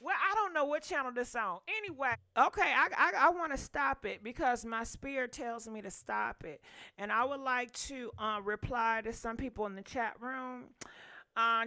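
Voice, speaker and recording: A woman hosts her gossip channel in a casual, chatty way. Her voice sits high and bright. She keeps breaking into sassy, teasing asides and louder outbursts.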